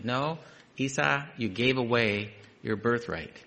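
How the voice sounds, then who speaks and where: Man preaching with quiet asides. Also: medium pitch, measured pace. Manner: reads scripture aloud, then adds conversational asides, dropping to quiet emphasis. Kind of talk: sermon.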